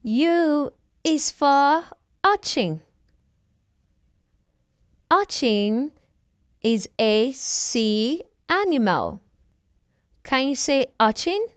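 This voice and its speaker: A woman's voice: high-pitched, lively intonation, drawn-out words, long pauses, dry recording. A woman narrating an alphabet lesson for toddlers, prompting them to repeat each animal word. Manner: prompting listeners to repeat words. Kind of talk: slow scripted narration for toddlers.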